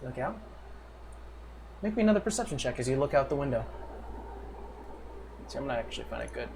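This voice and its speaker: A man's voice: medium pitch, big pitch swings, quick pace, darkish tone. A man running a tabletop game as game master, describing scenes with frequent fillers and restarts. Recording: faint background noise.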